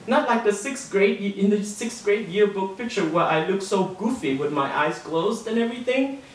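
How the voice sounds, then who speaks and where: A man reads his own short story to an audience in a fairly high, animated voice, taking on the lively tone of a boy narrator. The sound is very roomy, caught from well away from the mic. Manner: voices a boy narrator, lively with rising pitch in quoted lines. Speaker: author reading his fiction. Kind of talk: public reading of a short story. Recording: roomy and distant, heard from across the room.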